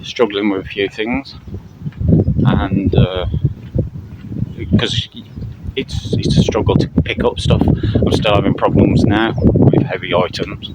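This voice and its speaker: A middle-aged man from Britain talking to his viewers while out on a walk, halting and full of fillers, out of breath. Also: on the low side, fairly even intonation. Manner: halting, many fillers and restarts. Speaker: camping channel vlogger. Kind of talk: casual spoken update to viewers while walking. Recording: loud outdoor traffic noise.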